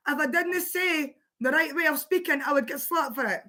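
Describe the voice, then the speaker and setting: A woman's voice: high voice, moderate pace, sharp tone. A woman hosting a livestream, chatting casually with her partner, swearing freely and laughing often. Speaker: livestream host.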